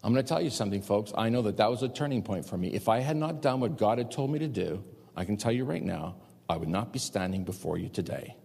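A man's voice: on the low side, lively intonation, fast talker, vocal fry, a little mellow, husky. Emphatic male pastor in a big hall. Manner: emphatic, repetitive preaching with rising outbursts. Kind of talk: sermon. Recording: long reverb of a large hall.

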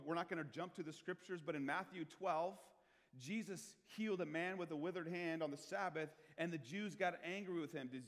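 A male pastor with a fairly high voice preaches to his congregation, asking them questions as he goes. He drops to quiet asides and then presses hard on key points. The sound carries a long reverb from a large church hall. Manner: conversational, asks the congregation questions; swings between quiet asides and loud emphasis. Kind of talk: sermon.

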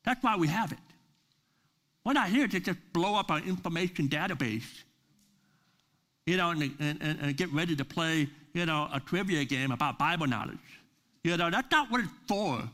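An earnest pastor delivers a sermon at a church service. His voice sits a little high for a man, and he leans hard on key words as he builds his points. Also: animated, moderate pace, pushed and bright.

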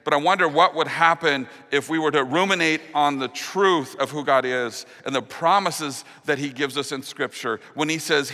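A male pastor delivering a sermon in a bright, forceful voice pitched a little high. He preaches earnestly, sinking to a hushed, slow voice on the promises he wants to land. His words ring out with a long reverb, as in a large hall.

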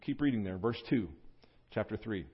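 A man preaching a sermon, teaching through a scripture passage in an earnest tone with fillers and restarts, jumping up in pitch and volume when he voices the words he quotes. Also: lively intonation, normal speed, husky, dull audio. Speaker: pastor. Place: church.

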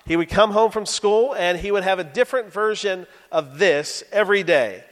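A man's voice: high-pitched, normal speed, in a large hall. A male pastor in his thirties giving a sermon, telling stories with self-deprecating humor. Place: church sanctuary.

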